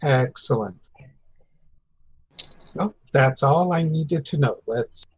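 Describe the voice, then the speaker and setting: A man playing a rogue in a tabletop game, laying out his plans slowly and deliberately. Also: mid-range voice, husky, low-quality recording. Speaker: player.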